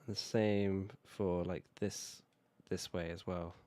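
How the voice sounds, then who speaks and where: A British man with a hoarse voice from a cold, casually chatting while he builds in a city-building game. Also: low voice, slow, no room sound. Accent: British English. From Britain. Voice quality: relaxed, rambling, self-correcting. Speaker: video game streamer. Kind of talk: casual gameplay commentary.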